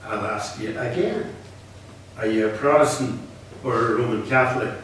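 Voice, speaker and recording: A man's voice: mid-range voice, moderate pace, fairly bright tone, a little hiss or hum, natural voice. A man voicing a cold, menacing gunman who speaks bluntly and matter-of-factly. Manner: blunt, threatening, matter-of-fact. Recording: echoey hall, from far off.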